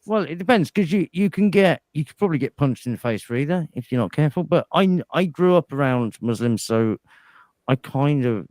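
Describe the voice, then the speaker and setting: An English man chats loosely on a podcast, his pitch swinging up and down as he rambles. He stops and restarts his sentences often. The sound is dry and close, with no room around it. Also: lively intonation, darkish tone, dry recording. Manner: rambling, halting, many restarts. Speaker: podcast guest. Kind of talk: casual crude banter.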